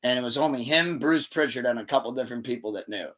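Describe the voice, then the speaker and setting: Male podcast host, tense bright tone, animated retelling, casual and profane. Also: mid-range voice, fast talker. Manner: loose, rambling, swears freely; animated retelling with acted-out quotes. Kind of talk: casual chat.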